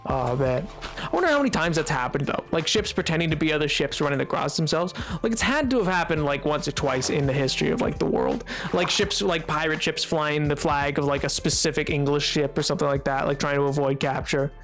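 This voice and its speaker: A man's voice: a little high, fairly bright tone, faint music behind. A young adult man streaming a game, chatting casually with viewers in a rambling, playful way full of fillers. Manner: rambling, playful, quick to laugh, filler-heavy. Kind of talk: casual live-stream chat.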